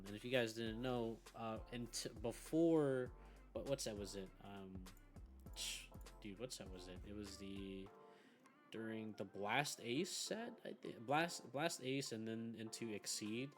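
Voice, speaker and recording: A young man with a low voice rambles through a casual chat, swearing freely and laughing often. Faint music plays behind him. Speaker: team member on a gaming podcast.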